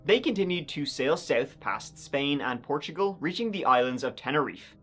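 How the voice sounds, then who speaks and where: A man's voice: fairly high pitch, lively intonation, normal speed, fairly bright tone, breathy edge, soft background music. A man narrating history in a casual, conversational storytelling style with wry, sardonic asides.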